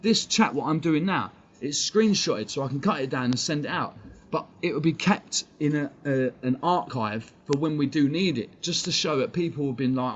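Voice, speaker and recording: A man's voice: on the high side, animated, fairly quick, muffled recording, slight background noise. A man with an English accent ranting on a live stream, blunt and profane, talking straight at his chat. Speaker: fan channel streamer. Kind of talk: heated live-stream rant.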